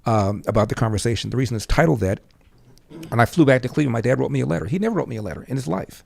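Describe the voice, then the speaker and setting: A man's voice: medium pitch, racing, gravelly. An older man on a podcast, telling a personal story as a guest and acting out the lines of the people in it. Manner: animated storyteller who acts out quoted dialogue.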